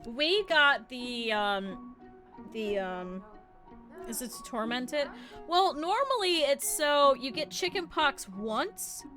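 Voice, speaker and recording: Female game streamer, high and bright tone, chatty and tangent-prone, laughs often. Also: animated, slow, faint music behind. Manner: rambling, giggly storytelling on tangents. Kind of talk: casual live gameplay chat.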